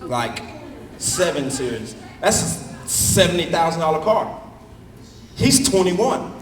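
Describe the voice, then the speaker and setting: A man's voice: on the high side, takes it slowly, a little hiss or hum. A young man doing stand-up, telling stories and acting out the people in them in shifting voices. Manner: animated, acts out characters in shifting voices. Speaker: stand-up comedian. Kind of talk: stand-up storytelling. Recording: roomy hall, mic at a distance.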